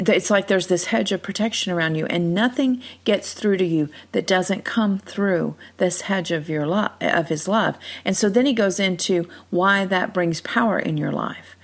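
A middle-aged woman hosting a faith podcast, telling a heartfelt personal testimony and leading a prayer. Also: medium pitch. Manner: earnest, heartfelt storytelling. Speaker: podcast host.

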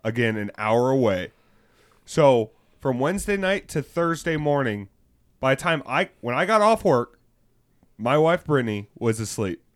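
A man's voice: medium pitch, very animated, normal speed. A man co-hosting a podcast, telling a rambling work story in casual chat. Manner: rambling storytelling with fillers and restarts. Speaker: podcast co-host.

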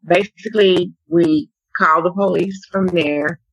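A woman from Dallas, Texas, giving personal testimony as a podcast guest, speaking earnestly in a halting way with repeated phrases. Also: on the low side, husky, dry recording, muffled recording. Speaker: podcast guest, survivor advocate.

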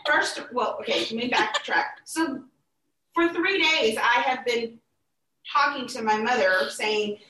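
High-voiced woman telling a lively story. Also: measured pace. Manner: animated, acts out quoted dialogue. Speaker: podcast guest. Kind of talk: casual storytelling. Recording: roomy, distant mic.

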